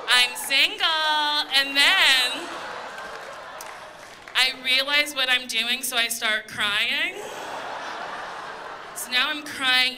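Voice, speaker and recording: A woman in her thirties works a live stand-up set, her high voice rising loud as she tells her story and slips into put-on voices. A noisy room sits behind the stage mic. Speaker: stand-up comedian. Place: comedy stage before a live audience.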